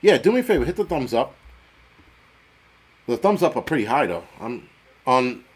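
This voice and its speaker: A man's voice: medium pitch, sing-song, husky. A middle-aged man hosting a casual livestream, chatting with viewers in a rambling, profane, joking way. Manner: profane, rambling, jokey, quick swings in loudness. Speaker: livestream host. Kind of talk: casual livestream chat reading viewer comments.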